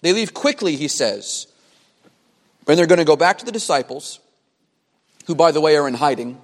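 A man preaching a sermon as a pastor, emphatic, with dramatic pauses and repeated phrases. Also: a little high, animated. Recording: long hall reverb.

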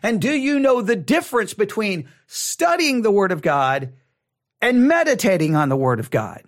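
A man's voice: high-pitched, sing-song, normal speed. A man hosting a podcast, teaching on Bible study in an emphatic way and repeating words for stress. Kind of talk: spoken teaching.

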